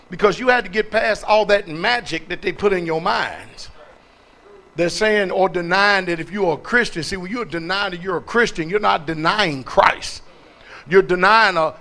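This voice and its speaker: A man's voice: high voice, bright, forceful tone. A man preaching from the pulpit. He throws questions at the congregation and hammers single words again and again. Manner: call-and-response, repeating words for emphasis. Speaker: pastor. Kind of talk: preaching sermon.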